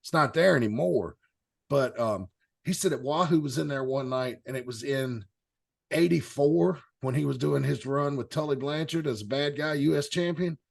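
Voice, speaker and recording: A man's voice: medium pitch, moderate pace, creaky. A man hosting a casual panel show, telling rambling anecdotes with chuckling asides. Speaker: host. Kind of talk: casual storytelling chat.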